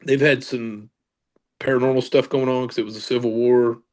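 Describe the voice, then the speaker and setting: A man's voice: mid-range voice, steady tone, normal speed, a little mellow. A man, a podcast guest telling paranormal stories in a loose, rambling way. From Kentucky. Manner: rambling, with fillers and self-corrections. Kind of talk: casual storytelling.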